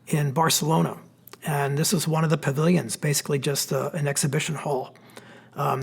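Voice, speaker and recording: A man with a Pennsylvania accent, an architect giving a relaxed, explanatory slide lecture with plenty of fillers. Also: fairly high pitch, creaky, slightly rough. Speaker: architect giving a history talk. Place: church hall.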